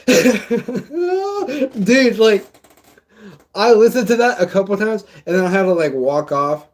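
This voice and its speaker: A man's voice: high voice, lively intonation, takes it slowly. A young man in casual reaction commentary, talking loosely in slang and laughing often as he reviews a song. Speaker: music reviewer.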